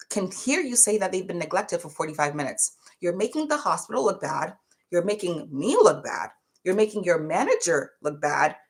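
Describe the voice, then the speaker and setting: A young woman casually telling a work story to her viewers, chatty and animated as she acts out what people said. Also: medium pitch, husky. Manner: chatty, animated retelling with quoted voices. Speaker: vlogger.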